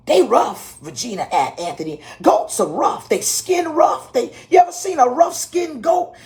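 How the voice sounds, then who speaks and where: Animated high-voiced woman preacher. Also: unhurried, hardly any pauses. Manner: animated, folksy, laughs and repeats herself. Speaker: pastor. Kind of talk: livestreamed sermon.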